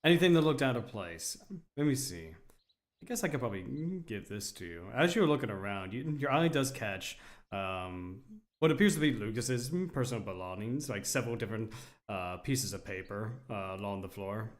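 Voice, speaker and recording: A man narrating as game master for a tabletop game, easygoing and quick to laugh. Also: on the low side, animated.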